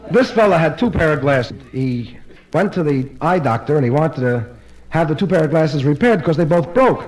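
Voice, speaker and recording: A male comedian doing live stand-up at a private party, rattling briskly through joke after joke. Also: fairly high pitch, lively intonation, a little mellow, rough recording.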